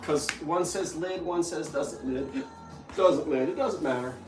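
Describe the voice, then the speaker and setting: Brief: talkative antique-seller host, casual chatter, echoey room, music faint behind. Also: female voice, sits low, unhurried, far from the mic. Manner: chatty, animated storytelling. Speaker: live-stream host selling antiques. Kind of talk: casual chat.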